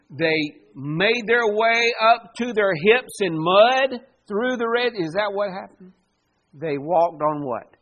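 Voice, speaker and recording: A man preaching a sermon as pastor, swinging between quiet, intimate passages and loud, acted-out outbursts. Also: on the high side. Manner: preaching with dramatic swings in volume and acted quotes.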